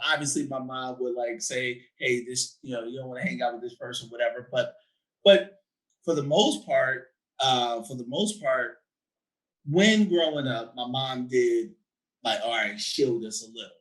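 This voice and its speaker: A man in his thirties talking in an animated, chatty way, laughing and checking in often with his listener. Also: mid-range voice, low-quality recording. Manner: animated, laughing, frequent "right?" tags. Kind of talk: casual conversation.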